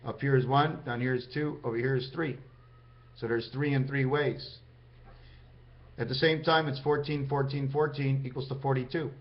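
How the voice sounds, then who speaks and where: A man's voice: mid-range voice, fairly even intonation, moderate pace. A man talking in a meandering vlog monologue, counting out numbers and speaking directly to his viewers. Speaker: vlogger. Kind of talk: rambling numerology monologue to camera. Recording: dull lo-fi sound.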